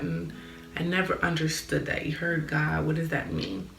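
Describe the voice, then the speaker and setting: A woman's voice: low-pitched, moderate pace, vocal fry, a bit bright, echoey room, faint music behind. A young woman sharing a personal faith testimony in a candid, earnest way, with lots of "like". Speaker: vlogger.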